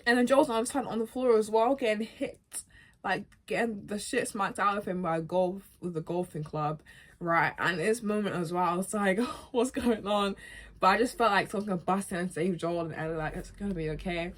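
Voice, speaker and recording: In a mid-range voice at a fairly quick clip, the vlogger gives an animated, emotional recap of a game's story. She laughs frequently and keeps calling her audience guys and bro in a casual chat.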